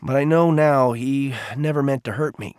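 Man reading as a quiet, remorseful teenage boy. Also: medium pitch, moderate pace, clean tone, dry recording, studio quality, lightly acted. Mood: subdued.

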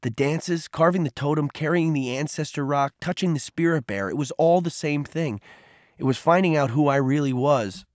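A man's voice: a little high, moderate pace, no echo, studio quality, voice pushed up, lightly acted. A man voicing an earnest, remorseful teenage boy. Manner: earnest, heartfelt pleading. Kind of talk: audiobook character voice.

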